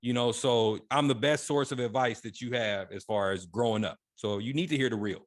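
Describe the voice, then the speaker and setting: A man's voice: mid-range voice, a little fast. A middle-aged man co-hosting a casual podcast chat, talking loosely with lots of "you know" and repeats. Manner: loose, repetitive, filler-heavy storytelling. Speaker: podcast co-host.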